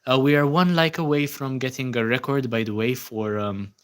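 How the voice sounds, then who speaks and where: On his casual livestream, a young man from Malta reads out viewer comments at normal speed, relaxed and thankful, with frequent ums and uhs. His medium-pitched voice has a clean tone.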